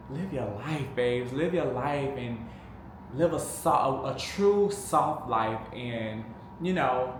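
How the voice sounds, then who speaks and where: A man vlogging casually to camera as a truck driver, chatty and sassy, calling viewers babes and honey. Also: medium pitch. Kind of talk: casual vlog chat to camera. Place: small room, at home or in a truck cab. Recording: echoey room, faint background noise.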